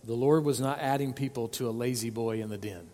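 A man's voice: medium pitch, fairly quick, a little mellow, in a large hall. A man preaching a sermon as pastor, earnest and pleading, stressing points by repeating words. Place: church sanctuary.

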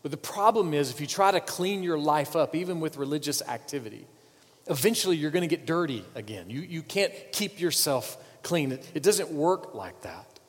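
A man preaching a sermon as a pastor, swinging from loud urging to hushed pleading and repeating words for weight. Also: on the high side, lively intonation, moderate pace, long reverb tail.

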